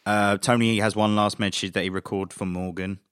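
A man's voice: fairly low pitch, little pitch movement, a little fast, a bit bright, clear, resonant tone, dry recording, studio quality. A man co-hosting a casual film recap, explaining the plot steadily step by step. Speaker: podcast co-host.

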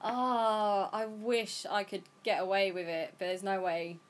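A young British woman co-hosting a casual podcast, giggly and easygoing, chiming in often. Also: mid-range voice. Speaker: podcast co-host. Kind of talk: casual chat.

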